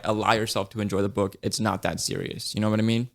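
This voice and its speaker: Casual male book reviewer: low gravelly voice, flat delivery, blunt and profane. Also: fast. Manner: blunt and profane, with frequent restarts.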